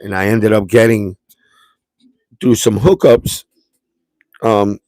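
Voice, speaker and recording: A man's voice: on the low side, steady tone, slow, darkish tone, dry recording. A man from Puerto Rico hosting a livestream and telling a family story in a rambling, streetwise way, restarting his sentences and dropping slang. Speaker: livestream host.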